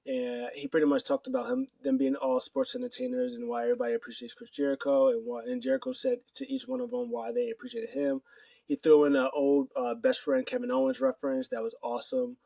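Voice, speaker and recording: A man's voice: mid-range voice, fast, mellow, no room sound, recorded from a distance. A man casually recapping wrestling news to his camera, rambling with many fillers and acting out quotes. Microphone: camera mic.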